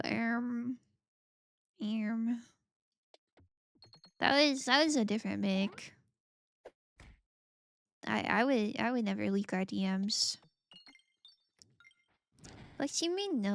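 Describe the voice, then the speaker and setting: Woman streamer, casual playful chat; slightly high voice with some vocal fry, dry close mic. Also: slow, pauses often, a bit bright, no room sound. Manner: playful, rambling, giggly, reads out chat. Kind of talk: casual live-stream chat while gaming.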